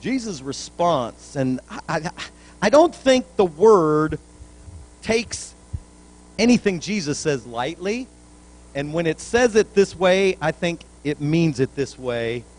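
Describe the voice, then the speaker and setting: A man's voice: a little high, sing-song, unhurried, darkish tone, poor audio. A male pastor preaching a sermon in a church, in a folksy, plainspoken way with colloquial grammar.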